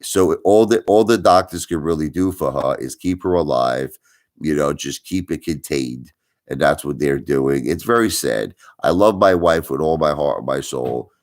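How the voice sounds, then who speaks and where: Deep-voiced middle-aged man ranting on a stream. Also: moderate pace. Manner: insinuating, rhetorical, repeats himself. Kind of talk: livestream commentary.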